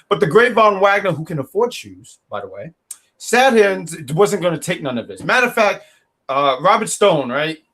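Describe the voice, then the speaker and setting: A man's voice: a little high, fairly bright tone. A man co-hosting a casual wrestling review show from a home mic, joking and playing the bad guy. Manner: playful trash talk, playing the heel. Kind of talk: casual podcast review chat.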